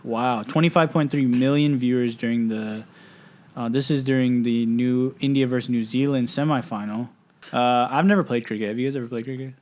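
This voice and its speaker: A man's voice: medium pitch, steady tone, a little fast, darkish tone. A man co-hosting a podcast in casual chat, joking around and reading out figures. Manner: joking, reads stats aloud. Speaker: podcast co-host.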